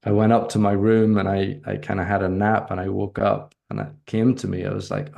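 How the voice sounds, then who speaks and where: A man, a podcast guest telling a reflective personal story, halting with frequent restarts. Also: lowish voice, flat delivery, vocal fry, darkish tone.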